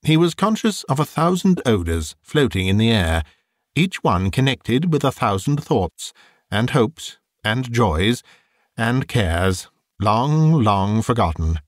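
A man narrating a classic novel as an audiobook, in expressive, measured storytelling. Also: mid-range voice, dry recording, studio quality.

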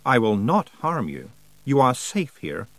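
A man voicing a calm, grand winter spirit. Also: medium pitch, no room sound, heavily acted. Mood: calm grandeur. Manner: calm, slow, solemn.

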